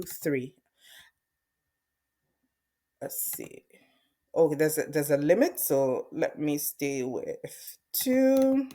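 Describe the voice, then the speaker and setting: A woman presenting a screen-recorded software tutorial, explaining step by step in a conversational way, thinking aloud as she clicks. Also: low voice.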